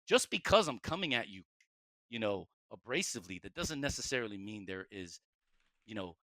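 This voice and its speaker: A man's voice: fairly low pitch, big pitch swings, a little fast, bright, forceful tone, dry recording. A man talking bluntly and directly on a casual podcast, explaining himself with emphasis.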